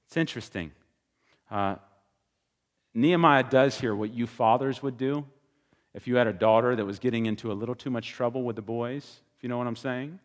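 A man's voice: medium pitch, fairly quick. Man preaching in a reverberant hall. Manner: animated storytelling, rising to loud exclaiming. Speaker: pastor. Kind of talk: sermon.

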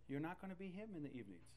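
A man preaching a sermon in an animated, conversational way, with loud bursts and playful asides. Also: a little high, noisy background. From Texas. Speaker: pastor.

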